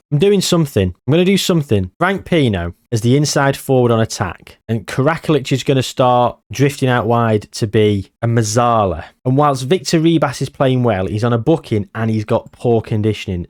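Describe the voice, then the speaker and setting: A man giving excitable, nervous live commentary on a game he is playing. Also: medium pitch, moderate pace, few pauses. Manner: excitable, nervous, reacting loudly to match moments. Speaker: gaming channel host.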